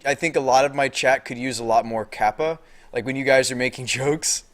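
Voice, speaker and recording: A man talking through a live card game stream, with deadpan delivery and little rise or fall in his voice. His pitch sits in an ordinary middle range as he thinks aloud and answers his viewers. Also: moderate pace.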